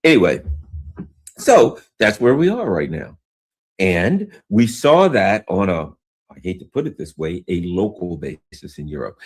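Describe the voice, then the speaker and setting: A man's voice: deep voice, very animated, measured pace, a little mellow, husky. A man hosting a solo commentary stream, ranting in a heated, emphatic way, stumbling and restarting often, tired and yawning. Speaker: political commentary host.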